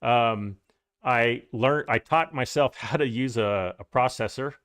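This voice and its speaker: A man's voice: medium pitch, measured pace, a bit bright, smooth, dry recording. Chatty man streaming a farming game. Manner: chatty, greets viewers with "howdy", rambling restarts. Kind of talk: casual live-stream gaming commentary.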